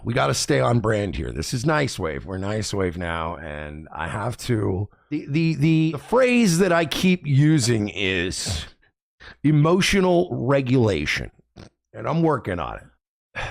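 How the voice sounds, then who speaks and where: A man hosting a livestream, talking loudly and combatively, swearing often as he rants. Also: medium pitch, gravelly. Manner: loud, profane and combative. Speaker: livestream host. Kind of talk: ranting livestream commentary. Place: home by the beach.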